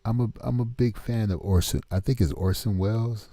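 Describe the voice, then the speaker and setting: A man's voice: fairly low pitch, fairly quick, dark tone, dry recording. A man chatting casually on his stream in a rambling way, laughing often, talking into his own microphone at a home setup. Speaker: livestreamer making music.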